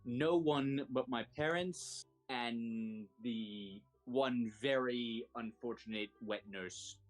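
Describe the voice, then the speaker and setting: A man's voice: medium pitch, slow, soft background music. A man playing a tabletop game, talking casually and stammering through many false starts. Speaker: player.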